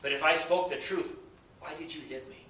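Man reading Jesus, calm male teacher, measured, bright, roomy echo. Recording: bright roomy echo, distant mic, faint rumble.

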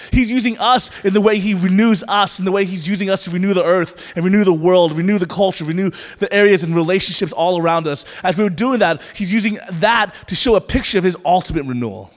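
High-voiced pastor in a reverberant hall. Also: male voice. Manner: conversational, playful asides, then earnest prayer. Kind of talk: sermon. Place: church sanctuary.

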